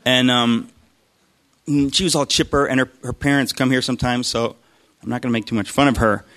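A man's voice: mid-range voice, fairly even intonation, fairly quick, a bit bright. A man tells a personal story in a loose, conversational way, circling back with restarts and little self-mocking asides. His voice sits in an ordinary middle register. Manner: rambling, self-deprecating, with frequent restarts. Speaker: speaker telling a personal faith story. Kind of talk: casual storytelling.

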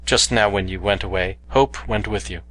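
A man reading the part of a young cave woman in love, speaking softly and quietly, at times in a whisper. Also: fairly low pitch, moderate pace, close to an everyday voice. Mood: tender. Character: young cave woman, proud, tender and loving.

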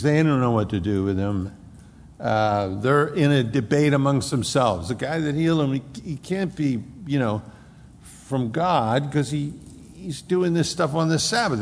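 Gravelly-voiced folksy man preaching. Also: mid-range voice. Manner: folksy and animated, acts out the characters. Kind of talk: conversational sermon, retelling scripture. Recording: echoey hall reverb.

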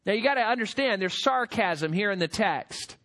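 Guy preaching a sermon, high voice that swings all over, hammering his points. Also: expressive, moderate pace. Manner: emphatic, rising to forceful peaks. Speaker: pastor.

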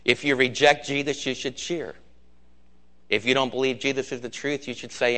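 A man preaching a sermon as pastor, swinging between loud cries and hushed, low lines. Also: moderate pace.

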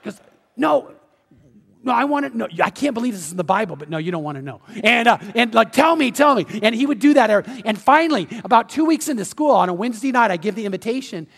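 A middle-aged male pastor preaching a sermon, telling a story with lively acted-out voices and sinking to a soft, slow appeal. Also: extremely high pitch, gravelly. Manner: animated storytelling, acting out quoted voices; drops to soft, slow, intimate appeal at the close. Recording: long hall reverb.

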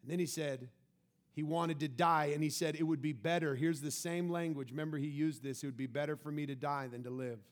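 A male pastor delivers a sermon in a high, bright-sounding voice. He reads scripture and acts it out, breaking into laughter and loud, excited outbursts. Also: a little fast.

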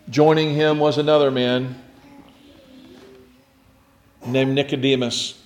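Guy giving a sermon, pretty monotone, storytelling and going quiet sometimes, bit of hiss behind. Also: mid-range voice. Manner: reflective storytelling, drops to a near hush at key points. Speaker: preacher.

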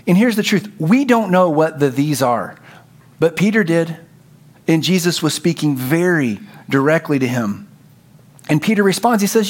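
A male pastor preaching a sermon, telling the story and acting out its dialogue, dropping to a low hush for emphasis. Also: lively intonation, normal speed.

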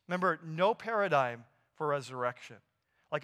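A pastor retelling a scripture story in a sermon, animated and casual with slang and fillers. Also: male voice, fairly high pitch, brisk. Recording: long hall reverb.

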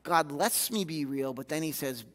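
A man preaching a sermon as a pastor, candid and animated, often acting out the voices he quotes. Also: fairly high pitch, normal speed. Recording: reverberant hall.

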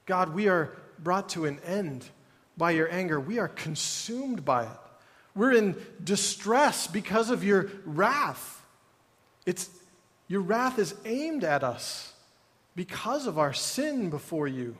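A man's voice: high-pitched, animated, a little slow, a bit bright. A man preaching a sermon in a conversational way, with wry asides and mock groans. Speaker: pastor. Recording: long hall reverb.

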